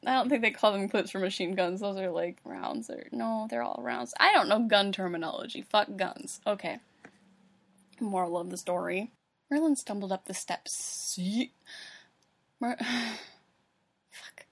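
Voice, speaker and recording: A woman's voice: medium pitch, normal speed, vocal fry. A woman at home reading a fan story aloud into her computer, stumbling over words, swearing and laughing at herself. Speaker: reader. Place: at home alone. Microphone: computer microphone.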